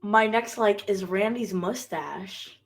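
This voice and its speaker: A woman's voice: medium pitch, slow pace. A young woman co-hosting a podcast in casual chat about a TV episode, giggly and laughing often. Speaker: podcast co-host.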